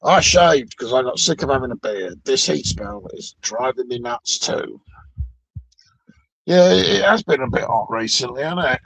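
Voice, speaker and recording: A middle-aged Englishman rants on his own, blunt and sardonic, swearing through nearly every sentence. His voice is gravelly and husky, and his pitch swings up and down a lot. The sound is dry and close. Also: lively intonation, unhurried, dry recording, poor audio. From Britain. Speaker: vlogger. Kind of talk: profane solo rant.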